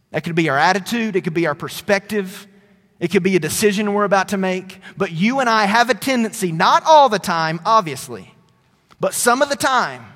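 A man preaching a sermon as a pastor, conversational, shifting between loud emphatic lines and quiet, dropped phrases. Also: high-pitched, big-room sound.

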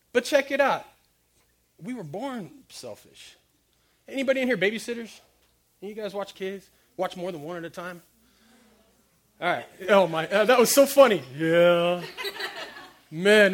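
A man giving a lively comic sermon, quizzing the crowd and acting out little stories. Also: high voice. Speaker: preacher speaking to a youth audience.

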